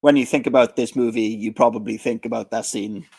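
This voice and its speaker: A man, mid-range in pitch, walks through a film scene by scene in relaxed podcast chat. He jumps into quick impressions of the characters as he goes. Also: creaky, breathy edge. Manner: animated retelling, acting out scenes in quick voices. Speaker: podcast co-host. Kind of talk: casual movie recap chat.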